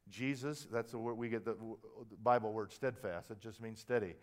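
An older man preaching from the pulpit. He tells his stories with plenty of animation, dropping to quiet asides and then climbing to loud, emphatic punches. When he gets fired up he stumbles over and repeats his words. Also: medium pitch, steady tone, fast, few pauses. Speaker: pastor. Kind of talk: sermon.

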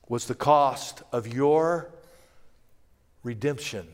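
A man preaching a sermon, moving between loud, emphatic passages and hushed, quiet ones. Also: medium pitch, animated, slow, pauses often. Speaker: pastor.

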